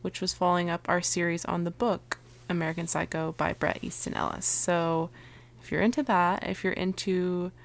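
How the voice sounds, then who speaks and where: A woman's voice: fairly low pitch, steady tone, normal speed, vocal fry. A young adult woman co-hosting a podcast in casual chat, talking with frequent "um"s and laughing easily. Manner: chatty, laughs often, hesitant fillers. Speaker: podcast co-host.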